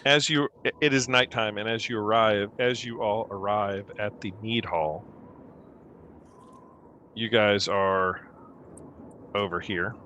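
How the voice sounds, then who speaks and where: A young man narrating as game master, animated and playful as he sets the scene. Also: on the low side, takes it slowly, pauses often, slight background noise.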